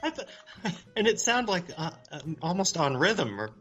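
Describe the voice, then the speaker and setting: Laid-back, joking podcast guy with a bright voice. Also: high voice, sing-song, normal speed, soft background music. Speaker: podcast co-host. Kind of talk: casual podcast chat.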